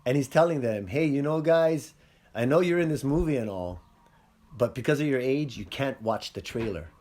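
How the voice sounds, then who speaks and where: A man's voice: mid-range voice, animated, normal speed, darkish tone. A man hosting a casual podcast, chatting about movies, acting out scenes in funny voices and laughing often. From Hawaii. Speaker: podcast host.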